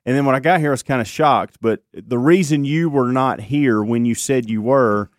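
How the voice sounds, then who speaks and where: A man's voice: mid-range voice, moderate pace, dry recording, studio quality. A man hosting a morning radio show, telling a long story in casual chat with lots of restarts and fillers. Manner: rambling storyteller with many restarts and ums.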